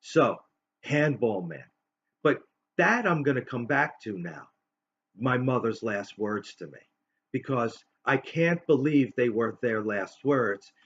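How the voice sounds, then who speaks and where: A man in his fifties hosting a show, telling a personal story in a halting, rambling way full of fillers and restarts. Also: mid-range voice, muffled recording, a little hiss or hum. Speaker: host.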